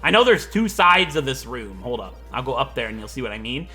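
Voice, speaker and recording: Animated joking young man gaming. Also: mid-range voice, a little fast, soft background music. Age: 20s. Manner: rambling, joking, laughs a lot. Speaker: let's play host. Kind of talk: gameplay commentary.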